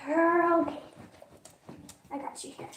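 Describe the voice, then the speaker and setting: A woman's voice: extremely high pitch, little pitch movement, unhurried. A woman live-streaming as she bathes her dog, cooing baby talk at it. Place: bathroom during a dog bath. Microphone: phone camera set down away from her. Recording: echoey bathroom, from far off, noisy.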